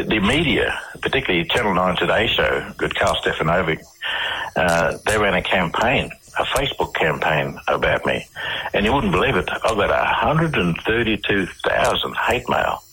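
Guest: Australian man, low and bright-edged, husky, rambling restarts. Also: low-quality recording. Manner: rambling, repeats and restarts words. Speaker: interview guest. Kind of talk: conversational storytelling.

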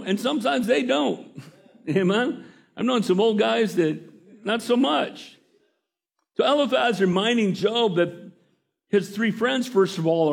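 Animated preaching man, asks for amens. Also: fairly high pitch. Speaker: pastor. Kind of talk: sermon.

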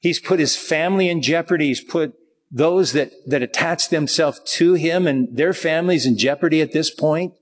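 Man, pastor, sermon, husky slightly high voice, long hall reverb. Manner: conversational preaching, reads scripture slowly.

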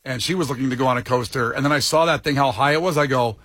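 A man co-hosting a casual radio chat, brisk and ready with facts. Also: mid-range voice, fairly bright tone, no room sound, clean studio sound. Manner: brisk, fact-sharing. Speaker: co-host.

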